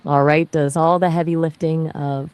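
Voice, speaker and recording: A woman's voice: deep voice, level tone, normal speed, darkish tone, clear, resonant tone. A synthetic woman's voice answering questions as a conversation partner, in a breezy, chatty explaining manner.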